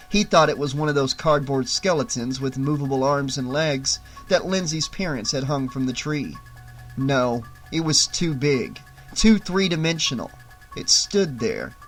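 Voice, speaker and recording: Horror audiobook reader, lots of up and down, measured and spooky. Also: mid-range voice. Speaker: audiobook narrator. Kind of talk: scripted horror novel narration.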